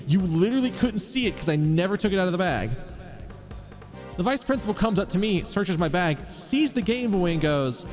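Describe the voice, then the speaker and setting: Male streamer, rambling profane storytelling, animated pitch, faint music behind. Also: a little fast. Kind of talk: casual storytelling while gaming.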